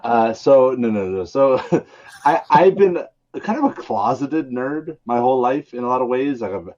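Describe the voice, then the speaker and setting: A man's voice: mid-range voice, expressive, moderate pace, a little mellow. Man chatting with a dull lo-fi sound. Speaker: podcast guest. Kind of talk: casual podcast chat.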